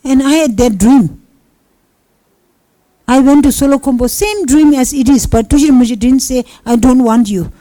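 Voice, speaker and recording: A woman teaching Buddhism through personal stories, her voice fairly high yet mellow and warm. She speaks in simple non-native English and plays out each quoted exchange as she tells it. The sound is close and dry. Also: moderate pace, no room sound, low-quality recording. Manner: storytelling with acted-out quoted dialogue. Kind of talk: dharma talk with personal stories.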